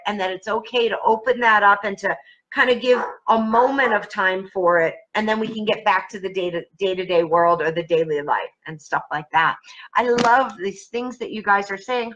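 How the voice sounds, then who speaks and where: A woman psychic speaking from home in a casual live-stream chat, gentle and reassuring with her viewers. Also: medium pitch, normal speed, dull audio, slight background noise. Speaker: professional psychic.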